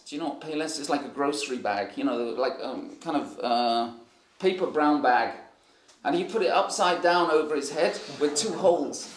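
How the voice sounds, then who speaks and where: A man's voice: fairly high pitch, reverberant. A man preaching a sermon and telling stories in a loose, rambling way with many fillers and restarts. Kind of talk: sermon with storytelling.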